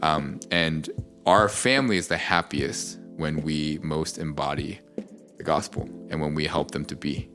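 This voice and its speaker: A man's voice: extremely low pitch, measured pace, fairly bright tone, faint music behind. A middle-aged man, a pastor, talking casually on a podcast about his family, reflective and full of small fillers. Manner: reflective storytelling with many fillers.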